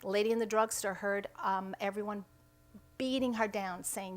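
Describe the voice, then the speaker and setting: A woman's voice: mid-range voice, steady tone, moderate pace. Emphatic middle-aged woman at a podium. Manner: emphatic, re-enacts quoted dialogue. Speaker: pregnancy center director. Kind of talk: press conference statement. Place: indoor room at a state capitol.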